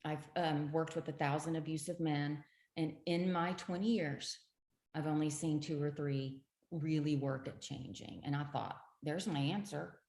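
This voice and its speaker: Low-voiced woman telling her story earnestly. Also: fairly even intonation, unhurried, darkish tone. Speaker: guest. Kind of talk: interview storytelling. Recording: roomy echo.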